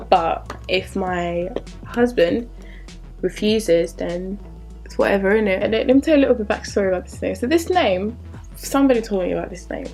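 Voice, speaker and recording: A woman's voice: mid-range voice, darkish tone. Chatty young woman vlogging. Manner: chatty, candid, drifting into asides. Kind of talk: casual Q&A vlog.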